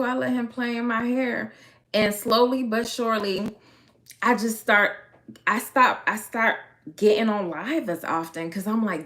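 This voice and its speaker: A young woman with a Miami accent tells a casual story time to her viewers. Her voice sits a little high and rings bright and sharp. She talks in a slangy, animated way and laughs often. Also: measured pace. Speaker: hair care content creator.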